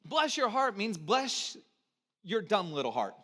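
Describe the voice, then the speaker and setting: A man preaching a sermon as pastor, talking conversationally to the congregation and swinging between loud emphasis and quiet, low asides. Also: big pitch swings, measured pace. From United States (Texas, California). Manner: conversational, invites congregation to repeat words.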